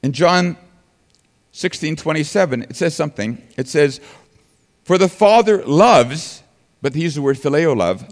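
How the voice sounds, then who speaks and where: Earnest preaching man, lively pitch. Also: big-room sound. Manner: earnest preaching with rising emphasis and restarts. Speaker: pastor. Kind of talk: sermon.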